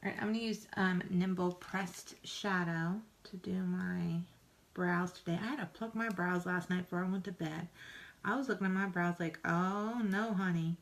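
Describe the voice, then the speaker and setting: A woman's voice: fairly low pitch, fairly even intonation, normal speed. Chatty woman doing her makeup. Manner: chatty, rambling, self-deprecating, folksy. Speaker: makeup vlogger. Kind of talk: casual get-ready-with-me chat.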